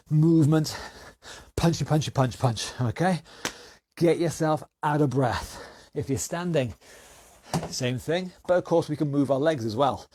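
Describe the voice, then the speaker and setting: A man from the United Kingdom, a fitness instructor leading an online exercise class with energetic counted cues. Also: a little high.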